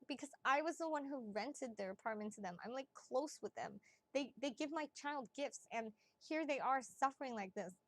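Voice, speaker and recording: Woman, psychic livestream host; chatty, excitable, blunt, quick to laugh and curse; higher pitch, close and dry sound. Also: no room sound. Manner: blunt, swears casually. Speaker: psychic reader. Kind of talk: casual livestream chat.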